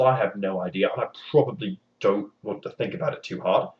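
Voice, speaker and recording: A man's voice: on the low side, a little fast, few pauses, darkish tone, distant mic. A man retelling a fairy tale for comedy, full of wry, sarcastic asides. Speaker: storyteller. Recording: dull lo-fi recording.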